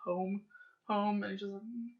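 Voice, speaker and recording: A woman playing a tabletop game who describes her character in quick, chatty asides. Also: mid-range voice, steady tone, noisy background. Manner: quick, chatty, laughing easily. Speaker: player. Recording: dull lo-fi audio.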